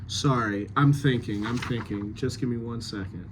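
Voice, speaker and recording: A man giving dialect notes to actors after a rehearsal, thinking aloud with many pauses and fillers. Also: mid-range voice, noisy background.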